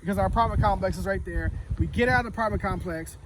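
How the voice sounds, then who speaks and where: Man, high-pitched, profane rambling storyteller, outdoors in woods, distant mic, loud traffic noise. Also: very fast. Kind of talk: casual storytelling. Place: outdoors in a forest.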